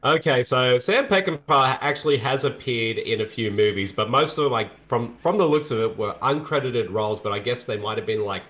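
A man's voice: medium pitch, a little fast, hardly any pauses. A man co-hosting a casual movie commentary, joking and reacting to what is on screen. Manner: jokey and animated. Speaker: co-host.

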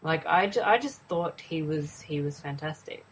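A woman's voice: deep voice, expressive, normal speed, breathy edge, low-quality recording. A woman in a casual film review chat, earnest and hesitant, with many ums. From Australia.

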